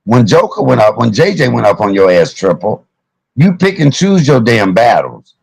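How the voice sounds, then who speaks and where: A man hosting a livestream, with a rough, gravelly voice. His pitch swings widely as he tells his stories animatedly, with plenty of swearing. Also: normal speed, dry recording, low-quality recording. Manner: animated, profane storytelling. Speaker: livestream host. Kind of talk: heated live-stream commentary.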